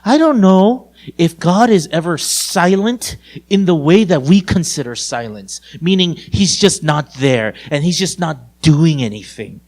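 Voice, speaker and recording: A male pastor preaching a sermon in a conversational way, talking to his listeners directly and moving between raised emphasis and hushed, low tones. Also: lively intonation, measured pace. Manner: conversational, addresses listeners as "you guys".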